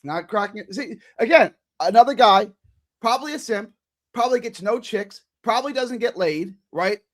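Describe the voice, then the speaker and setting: Loud, combative high-voiced man. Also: expressive, normal speed. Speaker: regular show guest. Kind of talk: heated live-stream talk.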